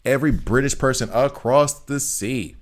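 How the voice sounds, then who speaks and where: A man's voice: mid-range voice, moderate pace. A man streaming a video game, chatting casually and joking as he plays, rambling and often laughing. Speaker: gaming streamer. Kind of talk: casual gameplay commentary.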